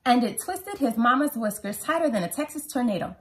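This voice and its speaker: Woman reading aloud to kids, picture book, expressive, high voice, lively swoops. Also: brisk. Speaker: mother reading to children.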